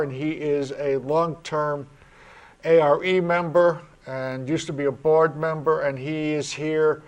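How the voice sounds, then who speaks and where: A man with a New York accent who hosts a spiritual talk show, chatting with his panel in a friendly, earnest way. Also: fairly high pitch. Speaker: host.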